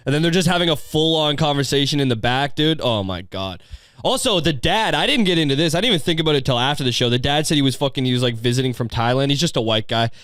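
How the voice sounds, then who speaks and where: A man's voice: mid-range voice, lively intonation, a little fast, fairly bright tone, clear, resonant tone, no room sound, clean studio sound. A man hosting a comedy podcast, ranting in a crude, sarcastic, rambling way. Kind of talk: crude casual rant.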